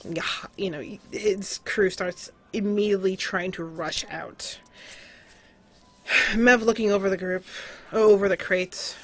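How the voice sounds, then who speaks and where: A woman's voice: medium pitch, slow pace, fairly bright tone. A woman narrating as game master of a tabletop game, casual and loose, with frequent fillers.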